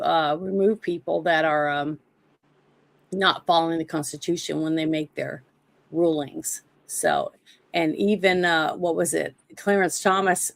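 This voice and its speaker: A woman hosting a livestream, giving casual political commentary in a halting way with many fillers, her throat dry and scratchy. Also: lowish voice, vocal fry, no room sound. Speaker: livestream host.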